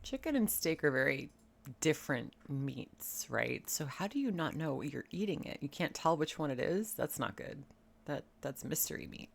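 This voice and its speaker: A woman's voice: deep voice, expressive, moderate pace, gravelly, a little hiss or hum. A woman giving casual, sarcastic commentary as she reacts to a video clip. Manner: sarcastic, mocking.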